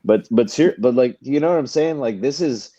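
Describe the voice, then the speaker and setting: A man's voice: mid-range voice, normal speed, dark tone, no echo, highs cut off. A man co-hosting a sports podcast, talking in a rambling, opinionated way full of restarts. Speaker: podcast co-host. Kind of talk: casual sports chat.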